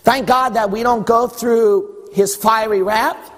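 A male pastor preaching a sermon in a church, emphatic and repetitive, rising at times to a shout. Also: high voice, steady tone, takes it slowly. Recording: long hall reverb.

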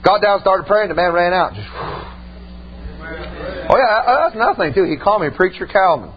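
A man's voice: high voice, expressive, normal speed, muffled recording. A man preaching a sermon and telling stories from his ministry, emphatic and folksy, punctuating his points with repeated amens. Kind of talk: sermon with personal storytelling.

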